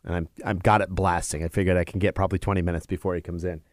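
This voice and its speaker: A man in casual podcast chat, telling family stories with lots of laughter and jumping up in pitch for quoted voices. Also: racing, no room sound, clean studio sound. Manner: animated storyteller, laughs often, jumps high for quoted voices. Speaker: podcast co-host.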